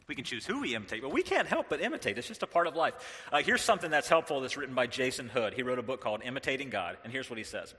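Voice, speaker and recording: Animated preacher, bright voice, echoing hall. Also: male voice, mid-range voice, very fast. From American South. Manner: animated, joking, with playful impressions. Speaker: pastor. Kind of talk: sermon.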